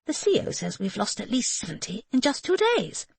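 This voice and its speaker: A woman voicing a cheerful, teasing young male RAF pilot who banters with his friend, lively in pitch. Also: a little fast, gravelly, husky, no room sound, full character voice.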